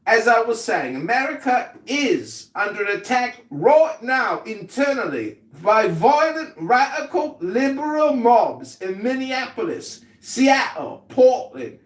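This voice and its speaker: A man delivers a mock-pompous political rant to the moderators of an audio chat room. His pitch swings widely and his tone is theatrical and lecturing. He sounds far from the mic in an echoey space. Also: very animated, slow pace, few pauses. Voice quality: theatrical, over-formal, lecturing.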